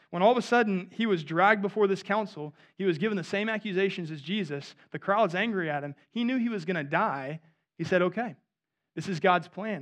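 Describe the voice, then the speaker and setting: A man in his thirties preaching a sermon to a live congregation in a church, talking in a conversational, animated way with many asides to the crowd. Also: high voice. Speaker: pastor.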